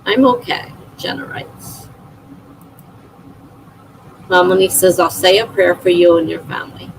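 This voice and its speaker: A woman's voice: fairly low pitch, unhurried, gravelly, slight background noise, rough recording. A middle-aged woman hosting a livestream, chatting casually and laughing often as she reads viewer comments aloud. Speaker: livestream host.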